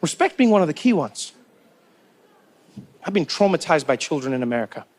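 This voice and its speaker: A man from South Africa with a South African accent, doing stand-up comedy and acting out characters in his stories. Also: slight background noise. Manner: animated storyteller who acts out characters with jumps in pitch and loudness.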